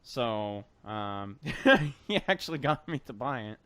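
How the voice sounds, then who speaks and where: A man's voice: medium pitch, expressive, takes it slowly, pushed and bright, clean tone, dry recording. Laid-back swearing man on a podcast. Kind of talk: casual group podcast chat.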